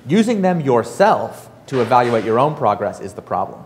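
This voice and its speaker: A man giving a casual, animated talk to an audience, full of fillers and acted-out quotes. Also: medium pitch, moderate pace, in a large hall, a little hiss or hum. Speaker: startup author and speaker.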